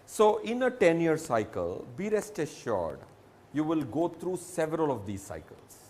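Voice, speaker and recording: Man, Indian English accent, fairly high voice, emphatic, financial advice talk. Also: sing-song, a little slow, a little mellow, slight background noise. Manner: emphatic, explains with examples, repeats phrases. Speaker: financial advisor. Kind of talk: reassuring public talk.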